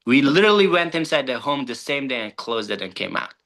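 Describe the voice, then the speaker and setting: A man shares a story from the field on a video call, full of pauses and fillers. His voice has a bright, forceful edge. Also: medium pitch, sing-song. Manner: halting, many fillers. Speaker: insurance agent. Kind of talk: telling a work story on a training call.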